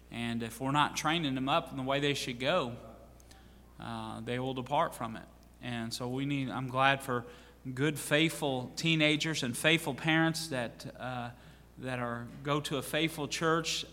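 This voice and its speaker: A man's voice: mid-range voice, pushed and bright. A man preaching as pastor, telling a folksy story with restarts and fillers in a church. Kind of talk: sermon with church announcements. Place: church sanctuary. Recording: reverberant church hall.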